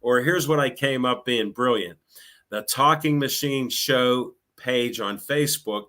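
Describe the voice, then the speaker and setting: A man's voice: mid-range voice, a little slow, pushed and bright. A middle-aged man, telling stories in a chatty, sarcastic way. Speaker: guest, local show host. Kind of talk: casual chat.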